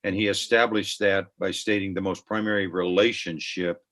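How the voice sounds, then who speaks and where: Deep-voiced older man, earnest guest. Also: flat delivery, normal speed, fairly bright tone. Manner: earnest, reflective, tells personal stories. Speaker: guest, ministry founder. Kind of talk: conversational podcast interview.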